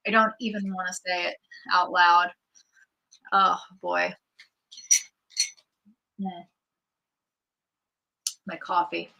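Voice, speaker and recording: A woman's voice: on the low side, level tone, takes it slowly, gravelly, long pauses, muffled recording. A woman hosting a casual livestream, chatting and giggling as she reads out viewer comments and answers them. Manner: giggly, rambling with many likes. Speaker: streamer hosting a live chat.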